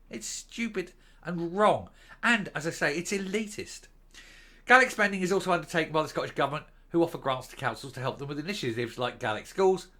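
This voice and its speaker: A man's voice: on the high side, bright, forceful tone. A man hosting an opinion vlog, ranting in a scornful, indignant way and wandering off into tangents before returning to his point. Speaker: commentary vlog host. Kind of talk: opinion rant to camera.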